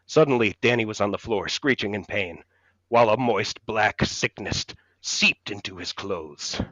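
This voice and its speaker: Deep-voiced man reading a mock-serious story. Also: a little slow, bright, forceful tone, dry recording. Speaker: podcast co-host. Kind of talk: reading a comedic fan story aloud. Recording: dull lo-fi mic.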